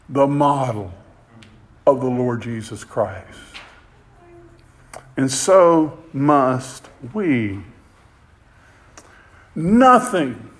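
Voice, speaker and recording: A man preaching a sermon with passion. He climbs louder and higher to stress a point and often repeats words as he goes. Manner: impassioned, rising in pitch and volume for emphasis, repeats words.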